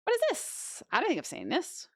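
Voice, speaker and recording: A woman's voice: sits high, huge pitch swings, brisk, a bit bright, no echo, clean studio sound. An Australian woman streaming and chatting casually, reacting aloud while reading messages from her chat.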